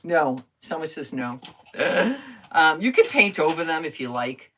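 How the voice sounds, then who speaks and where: A woman's voice: sits low, expressive, normal speed, fairly bright tone, slight background noise. An older woman chatting casually while crafting on a live stream, talking to herself and answering viewer comments.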